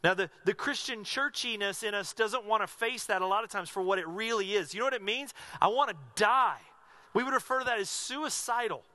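A male pastor delivering a sermon in a high, bright, forceful voice. He presses the congregation with one earnest question after another. When he voices a prayer, he sinks to a hushed tone. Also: fairly quick, few pauses.

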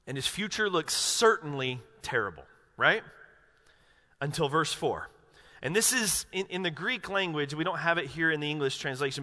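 A man's voice: fairly high pitch, sharp tone. A male pastor preaching a sermon in a casual, conversational way, acting out inner monologues. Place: church sanctuary. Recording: long reverb of a large hall.

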